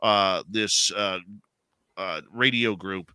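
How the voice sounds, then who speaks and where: Hosting live radio, a Canadian man rambles in a relaxed, conversational way, dropping plenty of fillers and restarting often. His low voice is slow, clear, and resonant, yet very bright and forward, and the recording is dry and close with barely any room echo.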